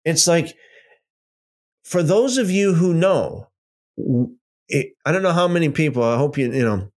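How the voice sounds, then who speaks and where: A man's voice: a little high, a little slow. A man teaching a casual Bible study, talking off the cuff with many restarts and repeated words, and acting out mocking back-and-forth dialogue. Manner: animated, repeats words and restarts sentences, mocks claims with imitated dialogue. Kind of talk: casual unscripted lecture.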